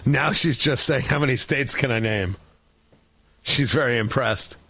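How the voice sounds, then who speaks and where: A man's voice: mid-range voice, measured pace, sharp tone, husky. A male talk show host giving sarcastic, rambling political commentary. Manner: sarcastic, mocking, rambling with restarts.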